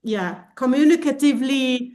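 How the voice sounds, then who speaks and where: A woman's voice: high voice, normal speed, a little mellow. A woman from Belgium sharing a candid, reflective personal account on a group coaching video call.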